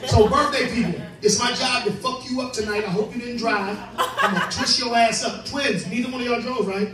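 A man's voice: very high voice, fairly even intonation, fairly quick. A man doing profane, brash stand-up crowd work at a live club, laughing often and a bit drunk. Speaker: comedian hosting a show. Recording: echoey room, distant mic, crowd noise.

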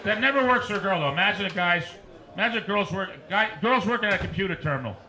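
A high-voiced man runs a stand-up set with quick crowd work, his pitch leaping around as he riffs. The room is echoey, and a loud, rowdy bar crowd fills the background. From New Jersey. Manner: animated crowd work, rapid asides to hecklers. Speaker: stand-up comedian. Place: noisy dive bar stage.

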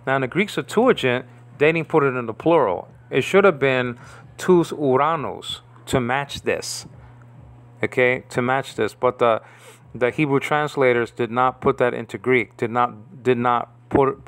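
A man walks through Hebrew letters in an informal lesson, restarting his sentences and asking "okay?" over and over. His voice is smooth and clear at a middling pitch. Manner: halting, repeats words, checks in with "okay?". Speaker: Bible language teacher.

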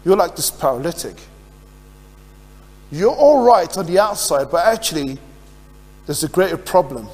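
High-voiced pastor preaching in a reverberant hall. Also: male voice, big pitch swings, moderate pace, long pauses. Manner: earnest, asks the congregation questions. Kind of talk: sermon. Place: church.

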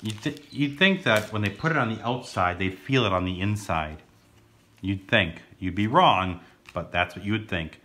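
A man's voice: on the low side, expressive, moderate pace, pushed and bright, slight background noise. A man casually narrating as he opens card packs, rambling and goofy, now and then breaking into silly sing-song. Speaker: card-opening vlogger. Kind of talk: casual pack-opening commentary.

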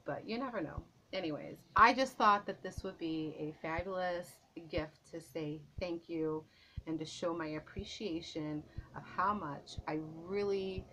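Recorded roughly with a bit of hiss or hum, a woman with a lowish, somewhat bright voice vlogs casually to camera indoors at home. She gushes, says things more than once and is a little out of breath.

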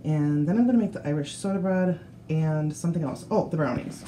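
A woman's voice: deep voice, fairly quick, dark tone. Chatty woman vlogger over road noise. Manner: chatty and rambling, with fillers and asides. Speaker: cooking vlogger. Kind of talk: casual vlog chat. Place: car, then home kitchen.

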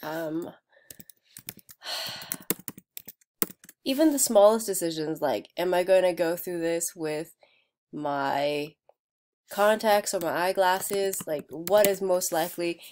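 A woman's voice: lowish voice, slow, long pauses, a little mellow. Self-mocking woman narrating her own vlog. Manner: self-mocking, rambling, laughs at herself. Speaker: video creator.

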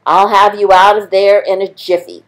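A woman voicing a tiny, squeaky mother mouse who is timid but brave, in a storybook tale for children. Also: little pitch movement, moderate pace, close to an everyday voice. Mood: determined.

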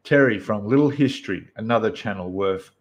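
A man's voice: on the low side, fairly quick, lo-fi sound. A man with an Australian accent hosting a casual live stream, chatting and greeting viewers one by one.

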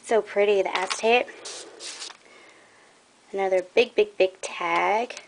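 A woman's voice: medium pitch, fairly even intonation, takes it slowly, creaky, slight background noise. A young woman showing off a craft trade in a casual vlog, gushing and admiring, a bit out of breath.

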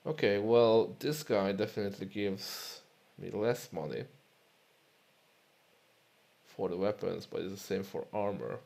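A man's voice: on the low side, a little slow, gravelly, pauses often, darkish tone. A man casually commenting while playing a game, muttering to himself and swearing often. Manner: muttering, swearing, self-amused. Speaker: let's play host.

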